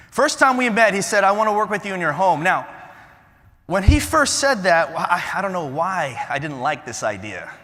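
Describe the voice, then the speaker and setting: A bright, forceful male voice pitched a touch high, delivering a lively keynote on a conference stage. He fires questions at the crowd, then drops to a near hush. The sound rings with the long reverb of a large hall. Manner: animated, quizzes the crowd, swings from loud to hushed. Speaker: motivational conference speaker. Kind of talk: energetic keynote talk to a live audience.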